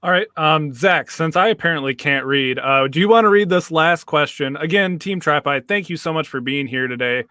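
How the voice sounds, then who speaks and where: A man hosting a podcast, halting and hesitant as he reads out listener questions in casual chat. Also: on the high side, pushed and bright, smooth, no room sound, studio quality. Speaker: podcast host.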